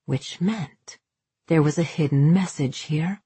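Slow, husky woman narrating a fantasy. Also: low-pitched, dark tone, no echo. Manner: measured, unhurried storytelling. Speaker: audiobook narrator.

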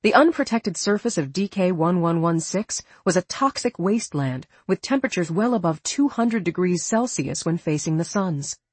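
An audiobook narrator reading a science fiction story in a steady voice. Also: medium pitch, normal speed, hardly any pauses, breathy edge, no room sound. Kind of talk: scripted narration.

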